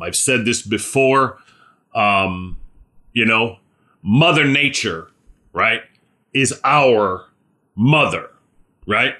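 A male preacher delivers an informal sermon at an unhurried pace, in a bright, forceful voice. He keeps checking in with "right?" and speaks to listeners by name. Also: on the low side. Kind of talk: conversational sermon.

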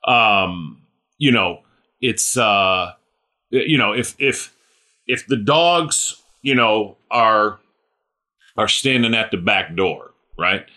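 A man's voice: fairly low pitch, expressive, takes it slowly, sharp tone. A middle-aged man preaching a sermon in a conversational way, often checking in with "right?" and "you know". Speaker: pastor.

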